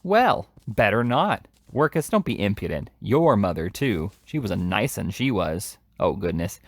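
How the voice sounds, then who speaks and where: A man voicing a cowardly, jeering charity boy in a storybook reading, with a high, mocking tone. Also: sing-song, unhurried, no room sound, studio quality, exaggerated voice. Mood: sneering. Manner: sneering, mocking; shrill yelling when scared.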